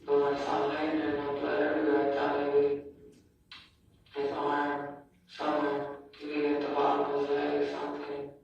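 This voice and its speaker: A woman answers police questions in a halting, uncertain way, her voice rough and gravelly. She sits well back from the mic in a very echoey interview room. Faint music plays under the recording. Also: sits low, completely flat delivery, darkish tone, recorded from a distance, muffled recording. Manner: hesitant, halting, unsure recall.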